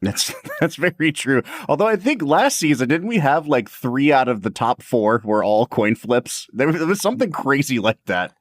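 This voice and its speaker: A man's voice: mid-range voice, sing-song, normal speed, hardly any pauses, no echo. A man co-hosting a casual podcast, upbeat and explaining things to listeners. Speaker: podcast co-host.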